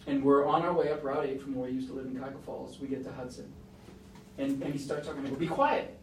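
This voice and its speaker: A man preaching a sermon, telling a story with emphatic rises and soft, hushed moments. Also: mid-range voice, level tone, quick pace, a little hiss or hum. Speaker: pastor. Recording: roomy echo, mic at a distance.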